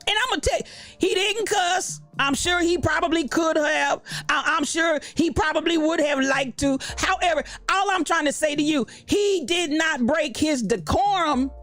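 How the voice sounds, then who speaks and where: A woman's voice: high voice, moderate pace, fairly bright tone, faint music behind. A woman hosting a livestream, ranting about church folk in a fired-up, preachy way, repeating her phrases. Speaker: host. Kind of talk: livestream commentary rant.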